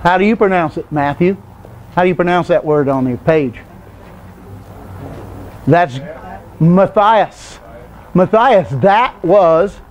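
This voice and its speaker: A man with a notably high, light voice leads an informal Bible class, wandering through his explanations in a relaxed, conversational way. He keeps turning to his listeners with questions, and a faint hiss sits under the recording. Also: a little slow, long pauses. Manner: loose, digressive explaining. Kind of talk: informal Bible study lecture.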